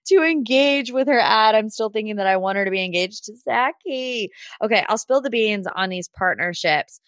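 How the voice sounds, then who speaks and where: A woman's voice: mid-range voice, moderate pace, fairly bright tone, no echo. A woman hosting a casual reality TV recap, sassy and gossipy, chatty and full of "like". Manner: sassy and gossipy, talks straight to people she discusses; chatty, with frequent "like" and laughs. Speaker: podcast host.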